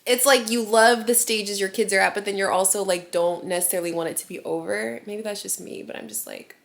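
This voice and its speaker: A woman's voice: mid-range voice, steady tone, a little fast, vocal fry. Chatty, rambling mom vlogger woman. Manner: rambling, filler-heavy, giggly. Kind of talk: casual chat to camera.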